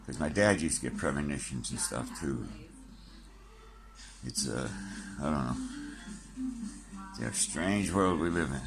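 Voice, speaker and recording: A man's voice: extremely low pitch, animated, unhurried, vocal fry, pauses often, loud music behind the voice. An older man, short of breath, talking casually to camera and joking wryly about dying. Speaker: vlogger.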